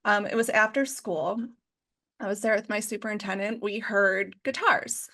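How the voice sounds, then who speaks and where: A woman from a school district's communications office, speaking as a podcast guest. She talks in a relaxed, chatty way, fills her sentences with casual fillers, and laughs easily. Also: medium pitch, normal speed. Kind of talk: casual conversational interview.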